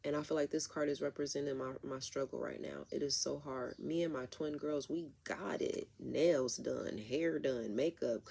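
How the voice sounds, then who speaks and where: A woman's voice: very deep voice, normal speed, vocal fry, few pauses, warm tone, slightly rough. A woman doing a casual tarot reading who rambles and talks straight to her viewers. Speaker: tarot reader.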